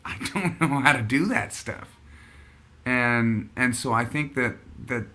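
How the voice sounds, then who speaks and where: Man, podcast host, casual chat, slow, bright tone, rambling. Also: medium pitch. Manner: rambling, thinking aloud.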